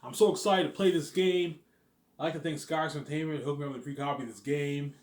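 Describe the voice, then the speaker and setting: Man impersonating an excitable southern gaming YouTuber, high and loud, drawn-out, echoey room. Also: natural voice. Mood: hyped. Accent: American Southern, put on. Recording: roomy echoing room.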